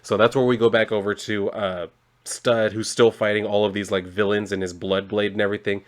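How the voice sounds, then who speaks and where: A man's voice: lowish voice, little pitch movement, a little fast. Rambling man recapping a comic. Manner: rambling, loose, lots of fillers and laughs. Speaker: comic reviewer.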